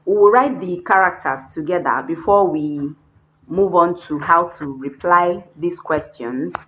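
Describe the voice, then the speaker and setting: A woman's voice: fairly low pitch, measured pace, fairly bright tone, poor audio. A woman teaching a beginner language lesson, repeating words and spelling them out. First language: not Chinese. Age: adult, not a child. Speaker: Chinese teacher. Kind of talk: slow, deliberate language lesson.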